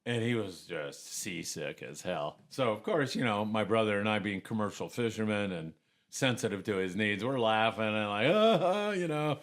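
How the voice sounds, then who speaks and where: A middle-aged man casually telling lively anecdotes, often acting out other people's voices. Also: lowish voice, moderate pace. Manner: animated anecdotes, acts out voices. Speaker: guest. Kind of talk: casual storytelling.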